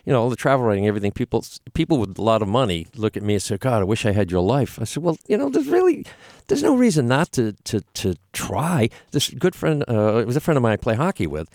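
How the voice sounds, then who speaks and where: A man, an actor, telling stories in a lively, animated way during a casual interview. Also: fast, hardly any pauses, no room sound, studio quality. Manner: lively, animated storyteller with laughs and big pitch jumps. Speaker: guest, actor and former flight attendant. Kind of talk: casual storytelling.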